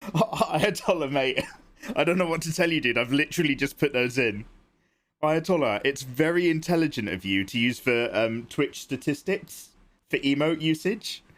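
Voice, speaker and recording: A man livestreaming his digital drawing, rambling and joking as he talks to his chat. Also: on the high side. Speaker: art livestreamer.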